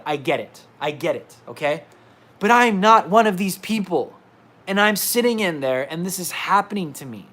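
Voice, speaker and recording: Fired-up male independent reporter, livestream rant, slightly high voice, repeats himself hard. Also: fairly bright tone. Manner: indignant, emphatic, repeats himself. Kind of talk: livestream monologue. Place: indoors at a laptop.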